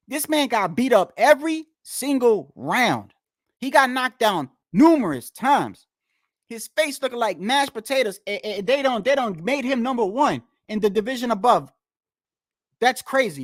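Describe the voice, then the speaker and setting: A man's voice: very high-pitched, sing-song, unhurried, no room sound, studio quality. A man ranting casually about boxing rankings, profane and repetitive, tired after a long day and talking straight to his viewers. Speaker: boxing commentator.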